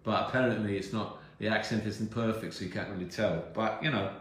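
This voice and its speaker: A middle-aged American man chatting casually while signing autographs, relaxed and rambling with many fillers. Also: on the low side, a little fast. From United States. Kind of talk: casual chat during a live autograph stream. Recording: very echoey room, faint background hum.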